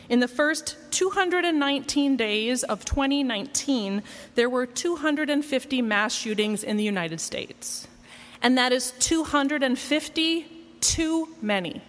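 A woman's voice: on the high side, fairly bright tone, big-room sound. A woman preaching a sermon in a conversational, wry, self-deprecating way. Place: church.

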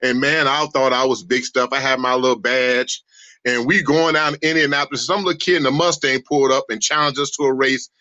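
A middle-aged man from St. Louis telling animated family stories in a casual roundtable, acting out voices as he goes. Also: fairly quick, dry recording. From St. Louis, USA. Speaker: roundtable participant. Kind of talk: casual storytelling among family. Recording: dull low-fidelity dry sound.

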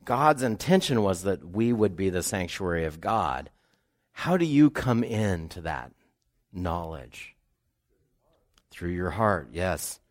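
Pastor, male, lowish voice; reads scripture, then muses and questions the congregation. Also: very animated, slow pace. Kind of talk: sermon. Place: church sanctuary.

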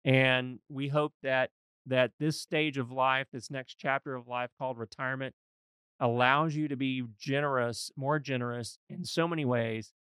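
Smooth-voiced man giving earnest financial advice. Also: medium pitch, fairly even intonation, moderate pace, a bit bright, dry recording, clean studio sound. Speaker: financial advisor and show host. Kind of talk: conversational podcast discussion.

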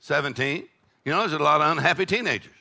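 Older pastor, gravelly bright voice, fiery call-and-response preaching. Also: male voice, fairly high pitch, lively intonation, quick pace. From Texas. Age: 60s. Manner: preachy call-and-response with shouted peaks and laughing asides. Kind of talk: sermon.

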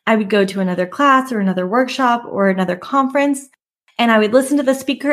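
Woman host telling her own story. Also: on the high side. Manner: candid, conversational, with emphatic rises. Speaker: podcast host and photography business coach. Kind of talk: personal storytelling monologue.

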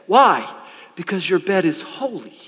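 High-voiced pastor preaching. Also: male voice, a little slow, long reverb tail. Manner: lively, conversational preaching with call-and-response. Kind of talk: sermon. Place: church sanctuary.

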